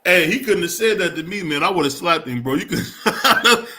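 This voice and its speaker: Bright-voiced joking sports talk co-host. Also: male voice, high voice, expressive, normal speed. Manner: loose and joking, tags lines with "man" and "bro", reads out chat comments. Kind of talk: casual chat.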